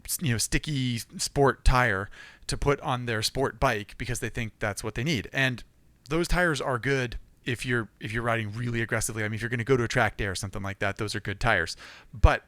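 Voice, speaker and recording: A man co-hosting a casual podcast, relaxed and laughing easily while explaining things. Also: medium pitch, a little fast, dry recording. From California. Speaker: podcast co-host.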